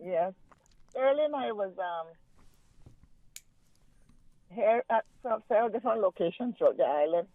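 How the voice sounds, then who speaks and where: A man calling in to a radio show, talking in a relaxed, rambling way with many fillers. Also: sits high, moderate pace, pauses often, dry recording. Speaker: caller. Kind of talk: casual phone-in chat. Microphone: telephone. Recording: tinny phone line.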